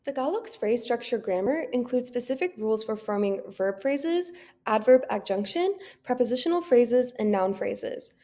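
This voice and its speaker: A young woman giving a class presentation in a steady, read-aloud manner. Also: fairly high pitch, moderate pace. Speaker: student presenter.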